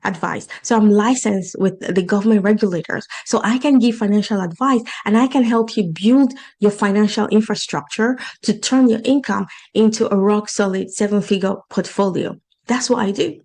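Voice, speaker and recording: A woman's voice: mid-range voice, moderate pace, few pauses, darkish tone, poor audio. A woman with an accent who works as a life and financial coach, talking casually and encouragingly about her coaching program and repeating points for emphasis. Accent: non-native English accent.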